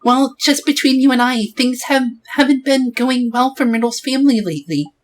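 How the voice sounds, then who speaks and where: A man's voice: very high-pitched, normal speed, pitched above the performer's own voice, low-quality recording. A man voicing a fussy, gossipy old woman neighbor who chatters on sympathetically, in a game playthrough.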